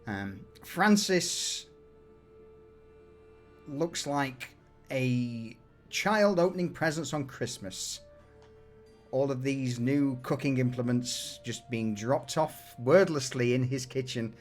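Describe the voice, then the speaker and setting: A man running a tabletop game as game master, narrating a scene in a relaxed way with many fillers. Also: medium pitch, slow, soft background music.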